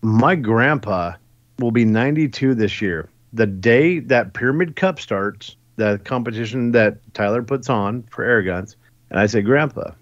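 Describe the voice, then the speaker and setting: A man's voice: mid-range voice, a little slow, no echo. A man in casual podcast chat, brash and swearing as he tells stories. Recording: dry, slightly dull sound.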